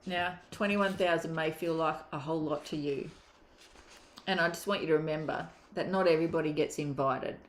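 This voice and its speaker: A woman's voice: low-pitched, fairly quick. A woman, a mindset coach giving a candid, emphatic motivational course talk and swearing casually. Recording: roomy echo.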